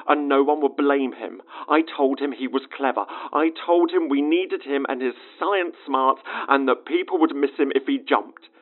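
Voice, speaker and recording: Man, base director, lively exasperated audio log over a narrow phone-like line with faint music. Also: a little high. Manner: exasperated, rambling, sarcastic asides. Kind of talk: scripted audio-log monologue.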